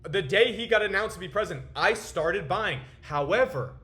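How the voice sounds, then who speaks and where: A young man with a high, bright voice delivers a profane, boastful rant about his market calls. His talk is punchy and forceful, with a frustrated, self-assured edge. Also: expressive, moderate pace. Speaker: crypto trader and video host. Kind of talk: ranting market commentary to camera.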